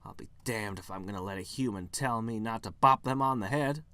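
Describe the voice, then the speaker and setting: A man's voice: fairly low pitch, fairly quick, bright, forceful tone. A man voicing a grumpy, vengeful male bunny rabbit in a video game, talking in a sarcastic, bitter manner.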